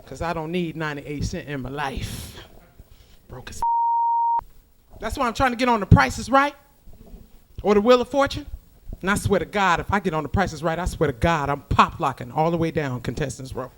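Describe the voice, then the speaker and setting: A woman's voice: low voice, lively intonation, normal speed, long pauses, noisy background. A woman doing stand-up comedy, brash and profane, talking to the crowd.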